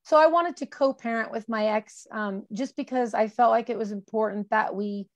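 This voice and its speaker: A woman's voice: a little high, normal speed, dull audio. A woman in her forties, a guest reflecting candidly on her life, with many fillers and restarts. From Colorado, USA. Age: 40s. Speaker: interview guest. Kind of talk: candid personal conversation.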